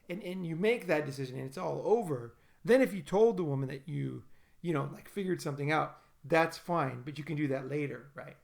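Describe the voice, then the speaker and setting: A man's voice: on the high side, vocal fry. A man hosting a casual podcast chat, rambling and often repeating and restarting his words. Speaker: podcast host.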